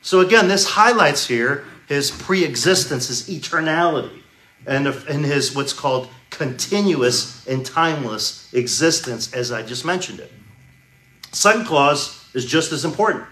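A man preaching a sermon in a church hall, teaching emphatically and slowing down to stress key words. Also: a little high, animated, sharp tone.

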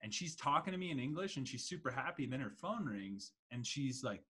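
A young man hosting a podcast, telling a story in casual, animated chat and swearing freely. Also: medium pitch, fairly quick, slightly rough. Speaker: podcast host.

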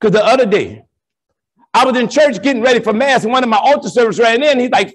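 A priest tells jokes and stories to a hall of teachers. His high voice swings widely up and down as he works the crowd with playful, animated delivery. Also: quick pace, slight background noise. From New Orleans. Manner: animated, joking, plays to the crowd. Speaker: Catholic priest and speaker. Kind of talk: comic storytelling talk to educators.

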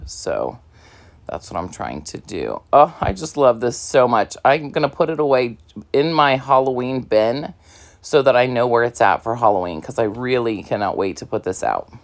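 Chatty, lively craft vlogger woman. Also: rumbling low, moderate pace. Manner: chatty and rambling, many ums and you-knows. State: slightly out of breath. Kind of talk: casual crafting tutorial talk.

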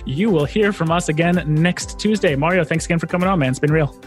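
An upbeat man hosting a casual podcast chat, his voice sitting a little high for a man. He talks loosely and keenly, with faint music in the background. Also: quick pace. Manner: enthusiastic, casual, says "man" and "dude". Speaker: podcast host.

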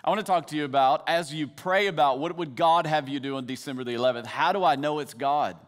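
A man's voice: a little high, fast talker. A man in his thirties preaching a sermon, moving from easy storytelling to fervent preaching. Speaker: pastor. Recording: reverberant hall.

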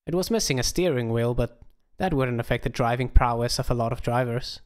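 A man's voice: mid-range voice, fairly quick, clean tone. A man narrating an audiobook in a dry, wry tone. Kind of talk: audiobook reading.

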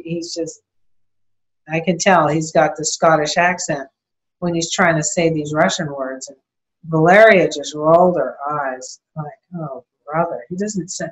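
A woman's voice: lowish voice, a bit bright, rough recording. An older woman chatting casually as an interview guest, rambling through a story with small laughs. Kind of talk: casual conversation.

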